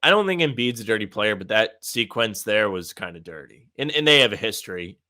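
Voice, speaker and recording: A man co-hosting a casual sports podcast, talking in an animated, ranting way with some sarcasm. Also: fairly low pitch, brisk. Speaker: podcast co-host.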